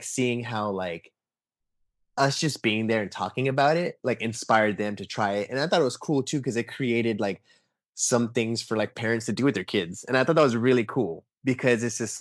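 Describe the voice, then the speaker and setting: Young adult man, podcast guest, casual animated storyteller, mid pitch, dry sound. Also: fairly quick, no echo. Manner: animated storyteller, acts out quotes, many fillers like "like" and "um". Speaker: podcast guest, toy photographer. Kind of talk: casual interview chat.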